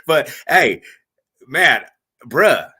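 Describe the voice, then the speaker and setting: A man hosting a podcast, telling stories in animated, slangy casual chat and laughing as he goes. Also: on the high side, drawn-out words, husky. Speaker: podcast host.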